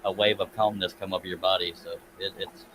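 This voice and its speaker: A man hosting a casual live stream, folksy and quick to laugh, reading out chat messages. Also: deep voice, flat delivery, background noise. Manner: folksy, laughs often, reads chat aloud.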